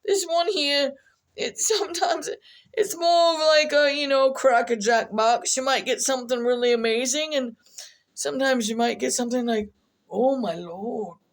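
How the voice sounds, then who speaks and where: A woman's voice: high voice, steady tone, moderate pace. A woman vlogger rambling through casual commentary, repeating herself and muttering asides as she goes.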